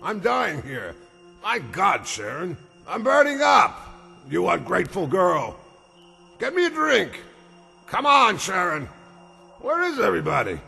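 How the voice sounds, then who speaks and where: A man's voice: sits high, wildly swooping pitch, measured pace, creaky, long pauses, sharp tone, long reverb tail, soft background music, full character voice. An actor playing a feverish dying man who pleads, rages and refuses to accept his death, in a dubbed drama. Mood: angry, demanding. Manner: pleading, then bitter and defiant.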